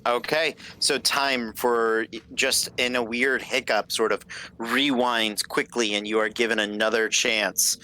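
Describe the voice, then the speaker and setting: A man's voice: medium pitch, level tone, measured pace, sharp tone. A man narrating as game master of a tabletop game, loose and apologetic, with lots of fillers.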